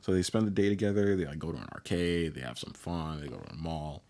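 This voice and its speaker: Man, very low voice, podcast co-host, casual rambling chat, lots of filler "like". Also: fast, a little mellow. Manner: rambling, heavy on "like", acts out characters' lines. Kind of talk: casual chat recapping an anime.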